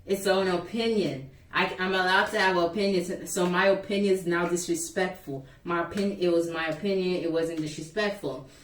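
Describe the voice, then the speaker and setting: A woman's voice: on the low side, fairly even intonation, moderate pace, few pauses. A young woman vlogger animatedly retelling a school story in a casual, exasperated way. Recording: echoey room, voice a bit far from mic.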